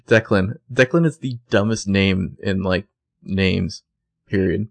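A man co-hosting a podcast, recapping a TV episode in casual chat with dry, opinionated remarks and quick put-on lines for the characters. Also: low-pitched, gravelly, no echo. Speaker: podcast co-host.

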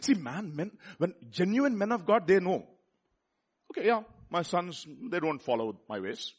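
Animated male preacher with a Telugu accent. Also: high voice, normal speed, husky. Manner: animated preaching, rising to loud rhetorical questions; repeats words and restarts phrases. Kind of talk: sermon.

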